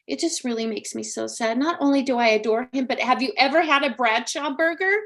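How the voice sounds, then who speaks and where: An emotional, chatty woman in her sixties hosts a live psychic talk show. Her voice sits a little high for a woman, and she talks with emphatic, heartfelt sincerity. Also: a little fast, fairly bright tone. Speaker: psychic medium host.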